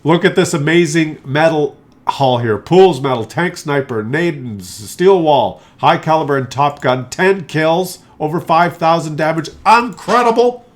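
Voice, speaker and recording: A man's voice: a little high, a little slow. A man giving casual, playful, jokey commentary over his tank game at home. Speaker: gameplay commentator.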